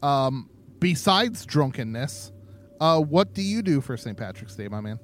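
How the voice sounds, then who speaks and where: A man's voice: mid-range voice, sing-song, unhurried, slight background noise. A man co-hosting a podcast, steering the conversation and teasing his partner playfully. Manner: teasing, playful, leads the talk. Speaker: podcast co-host. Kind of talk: casual chat.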